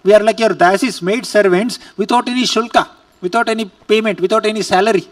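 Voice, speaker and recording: A man's voice: sits high, steady tone, quick pace, distant mic, voice pushed up, lightly acted. A man voicing young women devotees who plead and reproach their beloved Lord.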